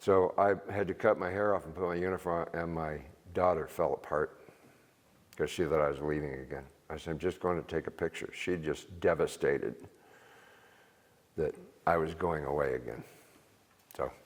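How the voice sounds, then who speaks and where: A man's voice: rumbling low, fairly even intonation, normal speed. An older man, a retired Army veteran, giving an informal seminar talk to a church group, rambling and plain-spoken and chuckling at his own stories. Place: church hall. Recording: reverberant hall.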